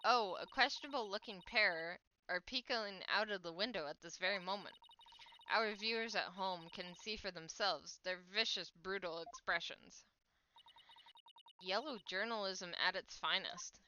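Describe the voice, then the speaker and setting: A woman's voice: medium pitch, normal speed, bright, forceful tone, a little hiss or hum, close to an everyday voice, low-quality recording. A woman voicing a sensationalist TV news reporter who reports dramatically while reading game dialogue.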